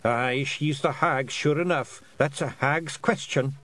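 A man voicing a chorus of small, excitable Scottish fairy men, alarmed and full of dialect. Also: mid-range voice, measured pace, pitched above the performer's own voice, natural voice. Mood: awed. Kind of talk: audiobook character voice.

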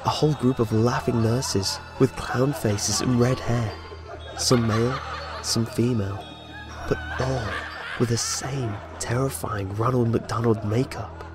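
A man's voice: medium pitch, steady tone, a little slow. A man telling a first-person horror story with tense, dramatic narration. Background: faint music.

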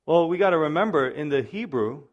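Preaching man with a fairly high voice. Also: expressive, a little fast, lo-fi sound. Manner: preaching with sudden loud rises and soft drops; repeats "listen" and "you see" to the congregation. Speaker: pastor. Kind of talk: sermon.

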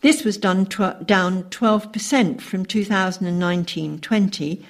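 Woman reading a news bulletin. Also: mid-range voice. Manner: measured news delivery.

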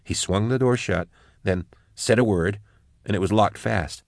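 A man voicing a bruised, fierce woman prisoner with sharp, urgent speech in a lifted voice. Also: on the low side, unhurried, creaky, dry recording, studio quality.

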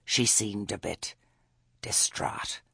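A man voicing a stern old witch woman who speaks meekly and quietly, with menace under it. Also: extremely low pitch, steady tone, slow pace, vocal fry, slightly rough, no room sound, in a whisper, exaggerated voice. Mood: pleasant. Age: older. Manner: meek, soft-spoken, understated.

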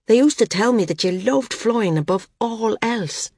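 A woman's voice: fairly high pitch, normal speed, darkish tone, dry recording, studio quality, voice pushed up. A woman reading the lines of a blunt, experienced male flyer in an audiobook, earnest and plain-spoken.

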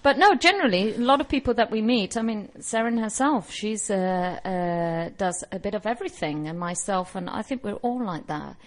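A woman's voice: mid-range voice, moderate pace, hardly any pauses. Chatty woman radio host. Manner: lively, switches between English and Spanish. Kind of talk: casual bilingual radio chat.

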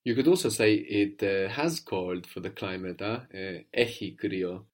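A man's voice: low voice, normal speed. A man teaching a language lesson, patiently explaining words and prompting his student with questions.

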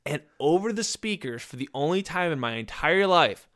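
A man shares a funny memory in casual conversation. His voice sits somewhat high for a man, and he laughs his way through it while acting out the other people's lines. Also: normal speed. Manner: laughing, animated storyteller who acts out quotes. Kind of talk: casual storytelling chat.

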